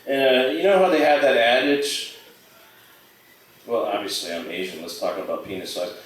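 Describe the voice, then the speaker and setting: A man's voice: mid-range voice, normal speed. A man doing a rambling, self-deprecating open-mic stand-up set, slipping into quoted voices. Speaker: stand-up comic. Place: small bar stage. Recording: roomy bar audio from a distant mic.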